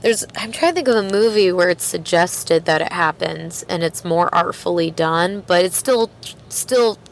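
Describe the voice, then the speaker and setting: This Canadian woman has a lowish, gravelly voice and talks at a moderate pace, with slight background noise behind her. A record store worker guesting on a podcast, she rambles chattily through the casual interview, laughing and using plenty of fillers.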